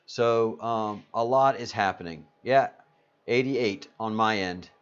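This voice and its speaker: A man's voice: on the low side, slow pace, smooth. A man hosting a casual live stream, rambling as he reads out viewers' names from the chat. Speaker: livestream host. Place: Spain. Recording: slightly dull lo-fi audio.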